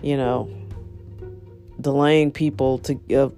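A woman's voice: extremely low pitch, flat delivery, slow pace, dark tone, soft background music. A woman hosting her own podcast, talking casually and frankly into her phone with a rambling, chatty manner. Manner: frank, rambling, chatty with self-deprecating laughs. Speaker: podcast host. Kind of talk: casual solo podcast monologue.

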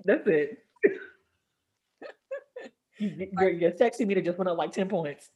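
A woman talking in a relaxed chat, her voice sitting a little low. She tells her story with lively energy and slips into voices for the people she quotes. The recording sounds dull and lo-fi. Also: unhurried. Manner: animated storytelling, laughs often, does voices in quotes. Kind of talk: casual chat.

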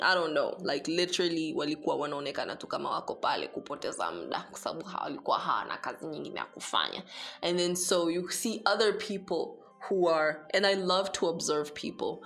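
A woman's voice: low-pitched, animated, a little fast, creaky, a bit bright, soft background music. A young woman telling a story casually, chatty and profane, switching between Swahili and English.

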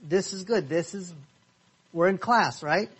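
A man leading a Bible study class, his voice a little high and husky. He speaks very slowly, reads verses with care and keeps putting questions to the class. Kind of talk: interactive Bible study lesson. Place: church classroom.

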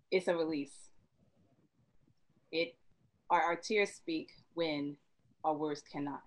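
Choked-up woman therapist, lowish voice. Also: a bit bright, poor audio. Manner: emotional, choked up, earnest. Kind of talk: panel discussion.

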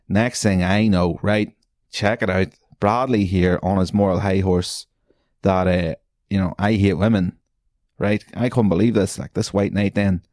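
Low-voiced, rambling Irish man. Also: darkish tone, dry recording. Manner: rambling, self-mocking, heavy swearing. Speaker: podcast host. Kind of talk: casual monologue. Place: bedroom.

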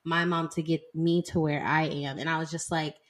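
Young woman co-host with a lowish voice, chatty and loose in a casual book talk. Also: little pitch movement, moderate pace. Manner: chatty, heavy use of "like" and "y'all". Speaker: podcast co-host.

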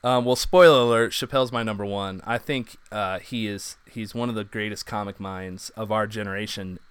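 A man's voice: fairly low pitch, steady tone, normal speed, fairly bright tone, clear, resonant tone, no echo. A man co-hosting a casual chat, telling rambling anecdotes full of fillers.

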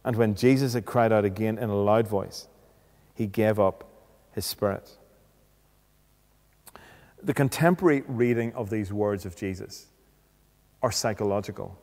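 A man preaching a sermon, speaking deliberately and posing rhetorical questions. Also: medium pitch, darkish tone. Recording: long reverb of a hall.

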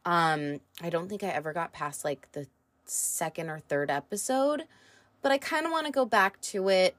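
A woman hosting a solo podcast review, rambling and excitable, swearing casually and laughing often, with lots of fillers. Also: on the low side, no room sound. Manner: slow, drawn-out delivery with many fillers. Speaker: podcast host.

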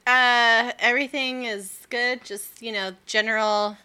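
A pregnant woman co-hosting a podcast, chatting casually in a relaxed, unhurried way. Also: on the high side, clean tone. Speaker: podcast co-host. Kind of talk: casual chat.

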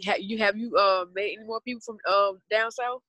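A woman's voice: mid-range voice, steady tone, fairly quick, sharp tone, no echo, muffled recording. Dry-voiced young Southern woman. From Southern United States. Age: 20s. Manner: rambling, earnest, talks about spirituality. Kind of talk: casual podcast chat.

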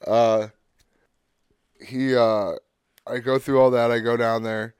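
Man, casual podcast storytelling, smooth clear voice, close dry sound. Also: mid-range voice, little pitch movement, slow pace, a little mellow, no room sound. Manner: laid-back, swears a lot, acts out quotes. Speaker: podcast co-host.

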